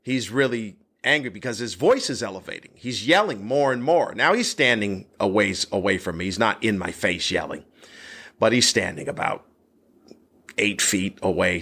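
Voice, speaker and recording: A man who hosts a podcast as a stand-up comedian, telling a story in a solo episode. He talks bluntly and crudely, and his voice jumps high as he relives the moment. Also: moderate pace, sharp tone.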